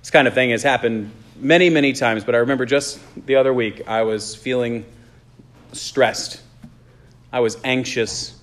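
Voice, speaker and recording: A man, a pastor, delivering an earnest sermon and telling a personal story, slowing down on key phrases. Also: medium pitch, a bit bright. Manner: earnest storytelling, slows for emphasis.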